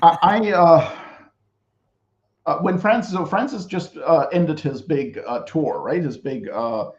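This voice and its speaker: A man's voice: a little high, expressive, slow pace, a little mellow, roomy sound, dull audio. A man speaking as a guest on a podcast, explaining at length with many fillers. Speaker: guest commentator. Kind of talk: casual podcast discussion.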